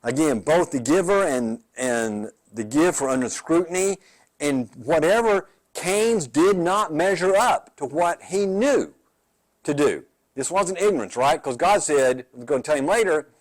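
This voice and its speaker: A male pastor leads a Bible study in a casual, back-and-forth way. He keeps asking his listeners "right?" and doubles back on his words. His slightly high voice swings widely in pitch. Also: big pitch swings, moderate pace. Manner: conversational, asks the group questions like "right?"; repeats words as he goes. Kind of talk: midweek Bible study teaching.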